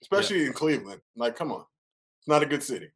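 A former college basketball player telling loose, profane stories in a casual podcast chat. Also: male voice, mid-range voice, fast. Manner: loose, profane storytelling with lively voiced asides.

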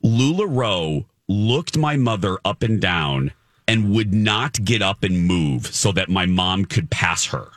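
A man spins a story in a casual podcast chat, his pitch leaping up and down as he acts out each person he quotes. The recording is dry and close, with no room sound. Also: takes it slowly, dry recording. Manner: animated, dramatic storyteller who acts out quotes.

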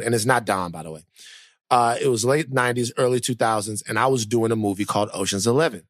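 A man co-hosting a podcast in casual chat, a teasing, animated storyteller who acts out what others said. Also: on the low side, brisk, dry recording, studio quality. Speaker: podcast co-host.

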